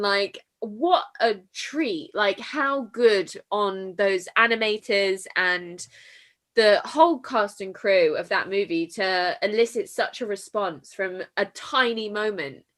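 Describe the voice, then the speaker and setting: A woman's voice: medium pitch, takes it slowly, a bit bright. A woman hosting a casual film podcast, emotional and tearful, laughing through tears and saying "like" a lot. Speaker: podcast host.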